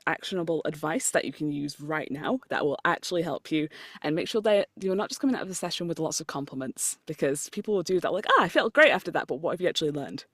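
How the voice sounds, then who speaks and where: A woman's voice: deep voice, a little mellow, no echo, studio quality. A British woman, a voice actor and coach, talking casually as a podcast guest, chatty and self-deprecating, laughing often and stumbling over her lines. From United Kingdom. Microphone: remote call recording.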